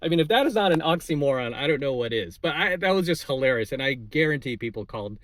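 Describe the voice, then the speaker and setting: Talking fast and very animated, this man's medium-pitched, slightly bright voice is captured on a dry recording. He's a channel host known for coaching videos, indignantly ranting about politics to camera in casual talk, repeating "right?" and padding with "uh" and "like."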